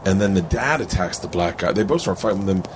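A man's voice: low-pitched, quick pace, background noise. A man hosting a casual chat with fellow comedians, telling stories animatedly and acting out what people said. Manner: animated storyteller, acts out quotes. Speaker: podcast host. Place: rented home.

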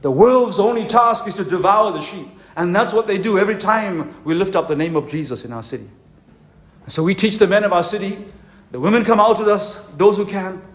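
A male pastor with a fairly high voice delivers a fervent sermon at a conference. He leans hard on slow, emphatic phrases. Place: conference hall.

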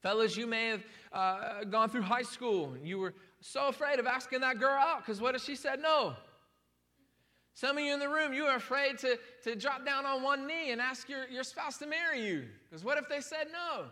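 A man's voice: very high voice, moderate pace, bright, forceful tone, in a large hall. A man preaching a casual sermon as pastor. He talks in a chatty, joking way with many restarts, then builds to emphatic calls to the congregation. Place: church sanctuary with a congregation.

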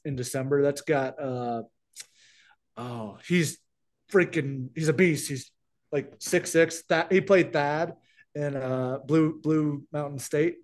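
A middle-aged man, co-hosting a podcast, talks slowly in a voice on the high side. His casual chat wanders, with many restarts.

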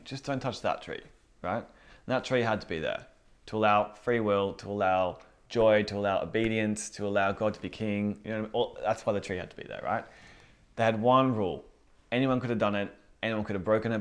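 A man teaching a Bible lesson in a casual, conversational way, asking the room rhetorical questions. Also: lowish voice. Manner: informal, rhetorical questions, acts out inner voices. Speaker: preacher.

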